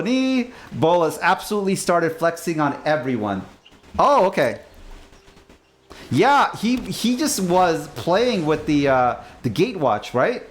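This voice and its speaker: A young man streaming as a VTuber, casually narrating his moves in a card game and joking with his chat in a playful, animated way. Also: on the high side, unhurried. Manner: playful, jokey, talks to chat. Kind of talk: casual gameplay commentary. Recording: faint music behind.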